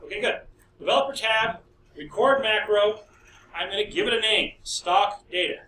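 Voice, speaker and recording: A man's voice: high voice, normal speed, pushed and bright. A middle-aged man, a professor, lecturing a class in a chatty way, with storytelling asides. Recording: echoey classroom, distant mic, faint noise.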